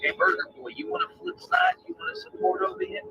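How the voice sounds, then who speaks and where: A man's voice: extremely high pitch, huge pitch swings, fast, gravelly. A man delivering a confrontational, profane rant, taunting and repeating his challenges. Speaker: ranting video poster. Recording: lo-fi clip under loud music.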